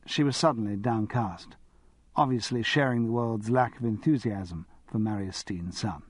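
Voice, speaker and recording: A man narrating an audiobook in an expressive storytelling manner. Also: on the low side, moderate pace, dry recording. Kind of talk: scripted narration.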